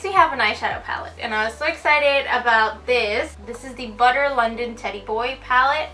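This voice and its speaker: A woman's voice: a little high, bright, forceful tone. A woman beauty vlogger chatting casually through a product unboxing, gushing and giggling as she goes.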